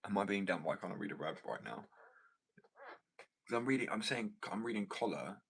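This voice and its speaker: A man's voice: on the low side, lively intonation, fairly quick, gravelly, fairly bright tone, husky, rough recording. An American man rambling and joking in a casual chat with his viewers, swearing freely. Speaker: streamer chatting with viewers.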